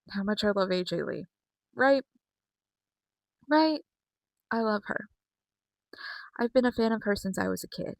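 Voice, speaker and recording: A woman's voice: medium pitch, gravelly, fairly bright tone, no room sound, poor audio. A young woman giving a casual, chatty wrestling recap at home, laughing and acting out quotes. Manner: chatty, giggly, acts out quotes. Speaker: vlogger.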